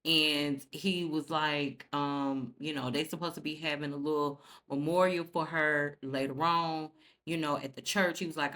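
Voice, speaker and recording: A woman's voice: sits low, measured pace. Woman animatedly recapping a TV episode. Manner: animated storytelling, acts out characters' lines, swears freely. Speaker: TV recap host.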